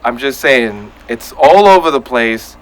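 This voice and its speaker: A man hosting a casual podcast chat, talking in an animated way and acting out his reactions. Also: medium pitch, unhurried, low-quality recording. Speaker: podcast host.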